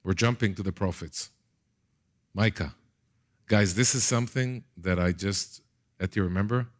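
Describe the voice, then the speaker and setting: A man's voice: sits low, normal speed. A man with an Israeli accent, a native Hebrew speaker, teaching a Bible class in a casual lecture style, often repeating words and putting questions to his listeners.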